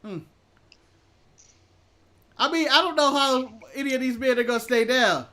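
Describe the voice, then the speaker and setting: A man chatting casually as co-host of a watch-along, reacting excitably and laughing often. His voice is strongly bright and forward. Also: very high-pitched, normal speed.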